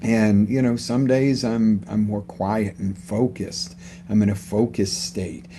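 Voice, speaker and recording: A man's voice: lowish voice, level tone, slow pace, mellow, slight background noise. A man coaching live, talking unscripted and asking his listeners questions about their week and their state of mind. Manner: conversational, asks the audience questions. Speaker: motivational coach. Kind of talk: unscripted live motivational talk. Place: live broadcast setup.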